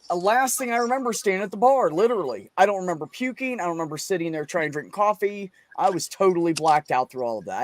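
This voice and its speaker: A man's voice: a little high, a little hiss or hum. Profane man telling a rambling story. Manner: profane, rambling storyteller acting out his own lines. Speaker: podcast host. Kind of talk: casual storytelling chat.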